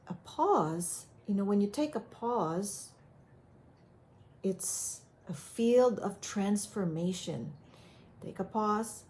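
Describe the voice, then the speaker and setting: A woman giving a motivational self-help talk in a calm, gentle, conversational way, with frequent fillers and repeated phrases. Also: medium pitch.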